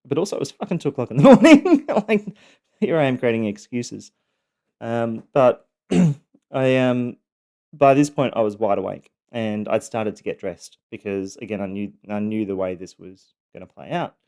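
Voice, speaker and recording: A man's voice: mid-range voice, lively intonation, normal speed, dark tone. A middle-aged man candidly telling his own story, frank, casually swearing, with wry laughter.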